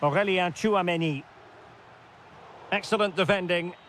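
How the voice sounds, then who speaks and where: A man delivers football video game play-by-play with a high, bright, sharp tone. He calls players' names in short bursts and builds to excited cries at goals. A faint hiss sits behind him. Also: measured pace. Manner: terse calls that swell into excited shouts on goals. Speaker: play-by-play commentator.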